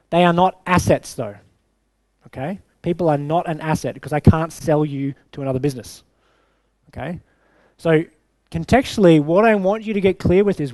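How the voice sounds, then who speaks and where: A man's voice: fairly high pitch, warm tone, dry recording. A man who is a business coach, giving a punchy bootcamp talk to a live audience, checking in with "okay?" and swearing for emphasis.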